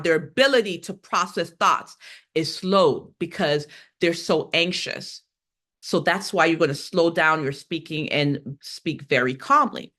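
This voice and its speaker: A woman nursing instructor leading a live exam-review lesson, lively and emphatic, asking questions and answering them herself. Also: lowish voice. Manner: lively, asks and answers her own questions.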